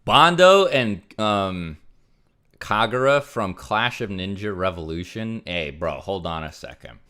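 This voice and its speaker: Low-voiced rambling male streamer. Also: expressive, measured pace, bright, forceful tone. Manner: rambling, many fillers, reads out donations. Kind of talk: casual livestream chat.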